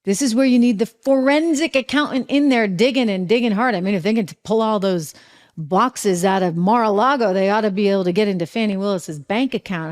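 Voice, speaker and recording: A woman's voice: medium pitch, darkish tone. Woman host, New England accent, mid-range voice, sarcastic opinion commentary. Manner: sarcastic, conversational, asks rhetorical questions. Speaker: talk show host.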